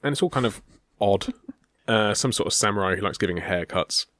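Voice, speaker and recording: A man's voice: lowish voice, brisk, a bit bright, dry recording, studio quality. A man co-hosting a podcast, talking casually in a rambling way with fillers and frequent laughs. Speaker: podcast co-host. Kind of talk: casual chat.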